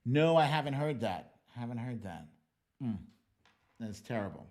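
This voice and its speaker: Animated, swearing American man on a livestream. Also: medium pitch, moderate pace. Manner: animated, profane, ranting with loud outbursts. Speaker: livestream political show host. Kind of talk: casual livestream talk.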